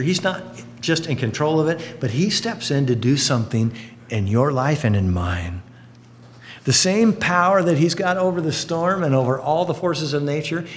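A man preaching a sermon, telling stories earnestly with lively swings in pitch and loudness. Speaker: pastor. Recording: long hall reverb, faint hum.

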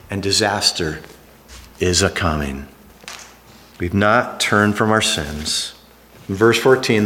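Emphatic preacher in an echoey hall. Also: male voice, on the low side, takes it slowly. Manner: emphatic, swings from hushed drops to animated exclamations. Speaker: pastor. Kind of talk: sermon.

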